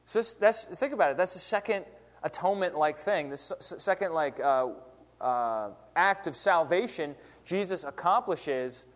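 A man's voice: fairly high pitch, expressive, moderate pace, in a large hall. A man preaching a sermon in a conversational, emphatic way. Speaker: pastor.

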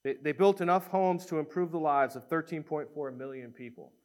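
A man preaching a sermon, telling a story in an animated way and acting out the voices of the people in it. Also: fairly high pitch, fairly quick.

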